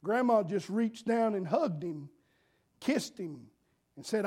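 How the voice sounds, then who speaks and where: A man's voice: high voice, expressive, slow, a little mellow, breathy edge. A man preaching a folksy sermon, telling homespun stories in an earnest, repetitive way. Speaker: pastor.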